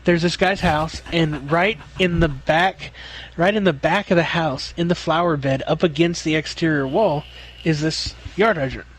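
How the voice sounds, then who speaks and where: A man's voice: fairly high pitch, moderate pace, husky. A man who works as a plumber, telling a long job story in casual, profane chat on a podcast. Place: remote podcast call.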